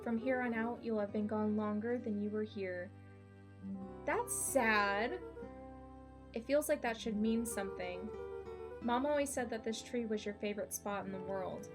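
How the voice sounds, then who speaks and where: A woman voicing a quiet, sad twelve-year-old boy in a video game, reading his lines softly and earnestly. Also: a little high, unhurried, music in the background, close to an everyday voice.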